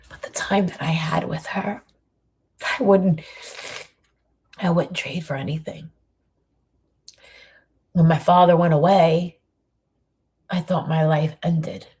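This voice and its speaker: A woman, giving a reflective motivational talk in a soft, intimate voice that often drops near a whisper. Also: low-pitched, steady tone, slow pace, pauses often, slightly rough. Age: 50s. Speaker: host giving a monthly inspirational message.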